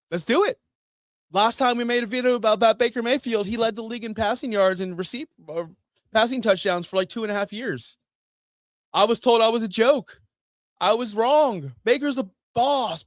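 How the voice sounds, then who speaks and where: A man hosting a fantasy football show, ranting with sarcasm and profanity, jumping between loud outbursts and low muttering. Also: dry recording. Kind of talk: ranting sports commentary.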